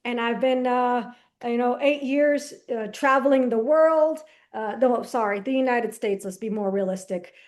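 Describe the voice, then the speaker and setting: High-voiced woman telling her story. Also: unhurried, few pauses. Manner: animated storyteller who acts out dialogue; casual, with slang and restarts. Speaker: podcast guest. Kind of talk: personal testimony in casual conversation.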